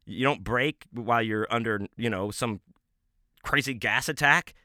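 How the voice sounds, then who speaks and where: A man's voice: mid-range voice, a little slow, bright, forceful tone, dry recording, clean studio sound. A man hosting a podcast, telling a rambling, profane story in casual talk with many restarts and fillers. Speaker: podcast host.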